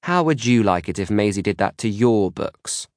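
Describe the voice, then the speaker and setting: A man's voice: on the low side, expressive, moderate pace, a little mellow, no room sound, clean studio sound. A man reading a patient teenage big sister. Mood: scolding. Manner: firm but coaxing.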